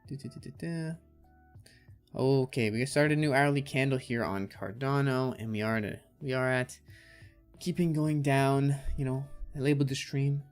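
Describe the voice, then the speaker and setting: A man's voice: mid-range voice, fairly quick, few pauses, smooth, soft background music. A man hosting a casual crypto livestream, chatting and reading out viewer comments and answering them. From Canada.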